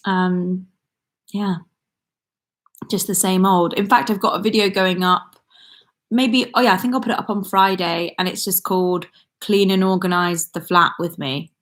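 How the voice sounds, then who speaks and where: This young YouTuber's voice is mid-range and a touch bright. Sitting at home with her laptop, she runs a relaxed livestream, rambling, reading out what viewers write, and sprinkling in ums and little laughs.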